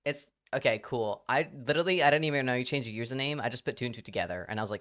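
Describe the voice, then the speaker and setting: A live streamer chats casually with their audience at a middle pitch, racing along with few pauses in a slightly bright voice. The talk rambles, breaks into frequent laughter and is freely peppered with curse words.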